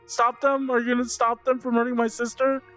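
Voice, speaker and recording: A panicked young woman in tears, her voice pushed high and thin as she pleads for help, put on by a man running the game. She sounds breathless and desperate, with faint music in the background. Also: level tone, a little fast, a bit bright, muffled recording. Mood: tearful pleading. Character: frightened young woman sobbing, begging for help.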